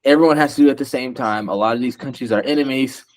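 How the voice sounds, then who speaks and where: A man's voice: medium pitch, rapid-fire. A young man co-hosting a podcast, speaking bluntly and profanely in casual chat. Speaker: podcast co-host.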